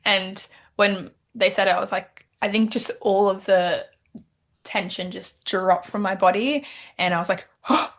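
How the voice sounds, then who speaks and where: A young woman from Australia talks casually as an interview guest. She tells her story with animated energy, acting out her own past thoughts in quotes. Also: medium pitch, unhurried. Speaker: pageant titleholder guest.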